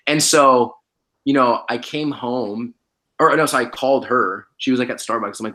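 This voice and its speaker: A man's voice: medium pitch, brisk, bright, forceful tone. A young man in casual podcast chat, laid-back and slangy, rambling with lots of fillers. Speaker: podcast guest, former reality show contestant.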